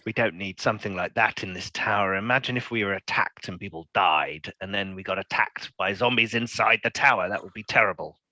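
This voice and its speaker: A man's voice: lowish voice, a little fast, hardly any pauses, sharp tone, dry recording, dull audio, voice pushed down. A man voicing a grumpy, scrawny old male mage with curt, dismissive speech in a tabletop game.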